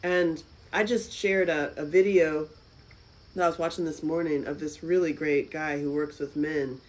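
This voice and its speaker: A woman hosting a live stream from a friend's house, chatting casually with viewers, with loud exclamations and soft asides. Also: sits low, steady tone, moderate pace, rough recording.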